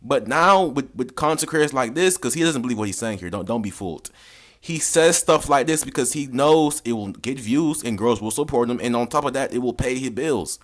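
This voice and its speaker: A man's voice: mid-range voice, lively intonation, fairly quick. A man with an ordinary mid-range voice reacts to clips as a dating coach. He lectures in a loose, slangy way, drifting between advice and jokes. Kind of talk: reaction commentary.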